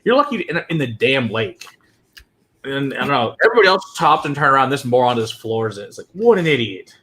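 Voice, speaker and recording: A man co-hosting a casual chat, telling travel stories in a profane, animated way. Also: medium pitch, brisk. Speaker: whiskey show co-host.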